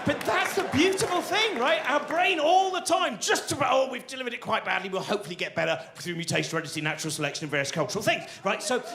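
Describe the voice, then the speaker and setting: A man performing live stand-up comedy on a theatre stage, rambling excitably and acting out the voices in his head, with an audience laughing. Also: extremely high pitch, fast, hardly any pauses, a little hiss or hum. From England. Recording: roomy live theatre sound.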